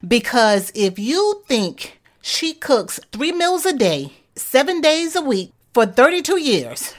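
A woman co-hosting a faith podcast, chatting with enthusiasm. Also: on the high side. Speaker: podcast co-host. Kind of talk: casual podcast chat.

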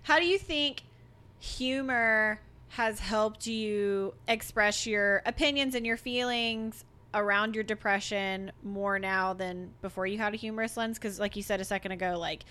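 A woman hosts a podcast interview in a relaxed, conversational way. Her voice is bright and forward, and she drops in frequent fillers and easy laughter as she asks her questions. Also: mid-range voice, unhurried. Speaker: podcast host.

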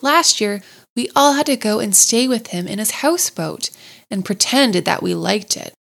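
A woman voicing a cheerful, sociable male water rat who talks in a hearty, brisk way. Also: medium pitch, animated, gravelly, fairly bright tone. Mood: chatty.

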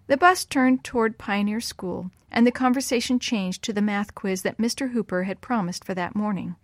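A woman telling a story to children in a gentle, clear voice. Her delivery is unhurried and kind. The sound is close and dry, with no room echo. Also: medium pitch. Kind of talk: reading a story aloud to children.

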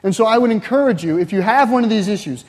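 A man's voice: high voice, expressive, quick pace. A man preaching a sermon in a church, talking conversationally with frequent "right?" asides. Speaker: pastor. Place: church sanctuary. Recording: long hall reverb.

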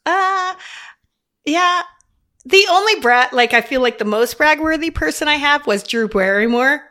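Giggly, animated middle-aged woman storyteller. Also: high voice, a little slow. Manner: giggly, animated storyteller who laughs often. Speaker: podcast guest, flight attendant. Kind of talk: casual storytelling chat.

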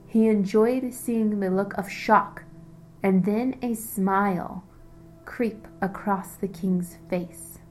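A woman narrating a fantasy audiobook in a measured, descriptive way. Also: mid-range voice, fairly even intonation, soft background music, poor audio. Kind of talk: scripted story narration.

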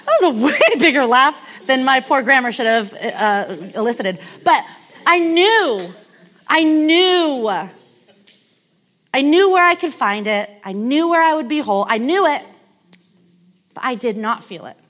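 A woman's voice: high voice, expressive, a little slow, a bit bright. A woman in her thirties from California giving a candid, conversational sermon told as a personal story, with many casual fillers. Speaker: speaker.

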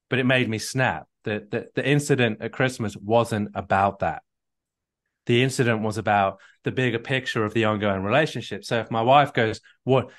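Marriage coach, male, lowish voice, earnest and repetitive, talks through personal stories. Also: fairly bright tone. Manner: earnest, repetitive restarts, storytelling. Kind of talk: live coaching call.

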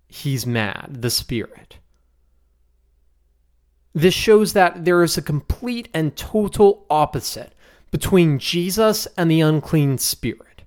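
A man hosting a podcast, teaching a Bible passage in a relaxed, conversational way with the odd chuckle. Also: high-pitched. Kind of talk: casual Bible study teaching.

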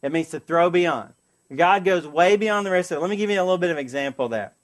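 A man preaching a sermon as pastor, earnest, asking the congregation for an amen and slowing down to read scripture. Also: high voice, lively intonation. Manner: earnest, call-and-response asides, slows for scripture.

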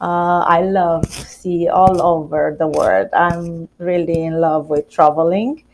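Slow-speaking Romanian-accented woman. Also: on the low side, fairly even intonation, a little mellow, a little hiss or hum. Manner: non-native phrasing, many hesitations. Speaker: macaron shop owner. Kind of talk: interview answers.

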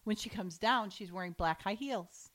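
A woman's voice: medium pitch, normal speed, a bit bright. A woman co-hosting a casual chat, retelling scenes and quoting the characters as she goes. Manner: chatty, retells scenes with quoted voices and laughs. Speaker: podcast co-host recapping a TV episode.

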